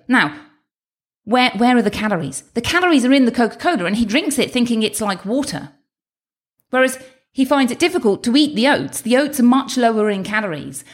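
A woman talking as a weight-loss coach, chatty and encouraging, with asides and quick self-corrections. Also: medium pitch. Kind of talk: direct-address coaching talk.

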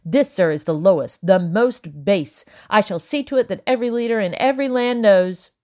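A woman's voice: on the low side, animated, fairly quick, darkish tone. A woman reading the part of a haughty, indignant wealthy lady, raised and affronted.

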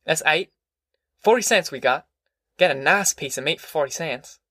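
A man's voice: on the high side, normal speed, pushed and bright, dry recording, clean studio sound. Male reader as a plain-spoken young farm worker. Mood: eager. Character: hungry young farmhand, blunt.

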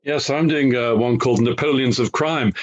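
A man's voice: mid-range voice, normal speed, no echo, lo-fi sound. A man from Liverpool with a faint trace of its accent, co-hosting a casual book chat in a wry, rambling, self-deprecating way. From Liverpool, England. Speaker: podcast co-host.

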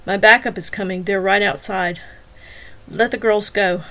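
A wounded young man, as a woman reads him, keeping his voice steady and pleading. He bargains in an even, firm tone. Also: mid-range voice, normal speed, close to an everyday voice.

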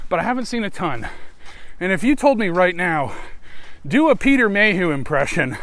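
Rambling American man with a lively high voice. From United States. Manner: rambling, irreverent, swearing. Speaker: podcast host. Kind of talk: improvised casual monologue.

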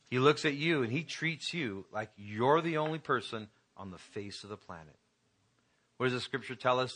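A man's voice: mid-range voice, bright, forceful tone. A man pastor preaching a conversational sermon to his congregation, building to emphatic peaks.

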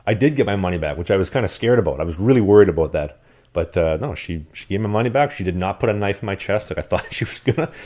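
Low-voiced guy rattling off stories quick, lots of likes and restarts. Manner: rambling, animated storyteller. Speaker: podcast guest. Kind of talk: casual chat. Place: rented apartment.

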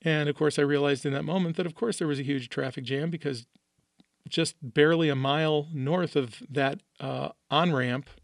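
Middle-aged Midwestern man, podcast host, earnest and emotional, gravelly tone, dry close mic. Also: fairly high pitch, fairly even intonation, normal speed, no room sound. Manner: earnest, openly emotional storytelling. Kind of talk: personal monologue.

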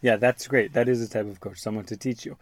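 A man hosting a show where he reads a storybook aloud to his young son and stops to explain words gently. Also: on the low side, steady tone, fast, no echo. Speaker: father reading to his child, podcast host.

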